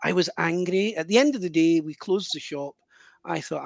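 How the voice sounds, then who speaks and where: A man with a notably high voice, spinning an animated anecdote as a guest medium. The sound is dry and close, with no room around him. He cuts himself off and restarts as the story runs on. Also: normal speed, gravelly, dry recording. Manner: animated, vivid anecdotal storytelling with self-interruptions. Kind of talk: storytelling in conversation.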